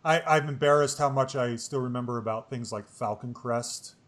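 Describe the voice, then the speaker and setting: A man's voice: mid-range voice, moderate pace, fairly bright tone. A man in his forties hosting a podcast, chatting in a rambling way and laughing easily. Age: 40s. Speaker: podcast host. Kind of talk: casual chat.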